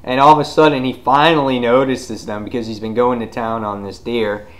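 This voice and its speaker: A man chats casually through a comic book review at a middling pitch. He rambles and leans on lots of fillers. He breaks into loud acted-out outbursts when he retells the action. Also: steady tone, fairly quick.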